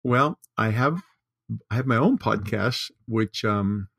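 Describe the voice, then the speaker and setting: A man's voice: on the low side, slow, creaky, no echo, clean studio sound. An older man talking as a podcast guest, earnest and heartfelt, in casual conversation. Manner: warm-hearted, earnest, tearful at times. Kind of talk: casual chat.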